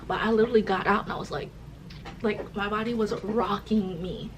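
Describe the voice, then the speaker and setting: Young woman, animated casual storytelling, faint room hum behind. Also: mid-range voice, fairly quick. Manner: animated, acts out quoted voices. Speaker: vlogger.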